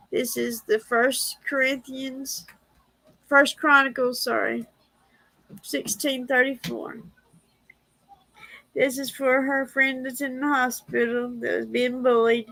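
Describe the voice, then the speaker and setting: A woman hosts a casual livestream, reading prayers and speaking tenderly and emotionally, and she laughs easily. Her voice is high, gravelly and a bit bright, delivered flatly and slowly with long pauses; the audio is poor with no room sound.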